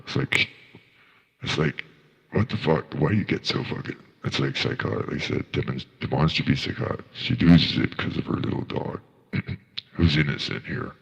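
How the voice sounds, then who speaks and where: A man's voice: very deep voice, normal speed, vocal fry, fairly bright tone, breathy edge, big-room sound. A man doing casual livestream reaction commentary, ranting in a profane, indignant way.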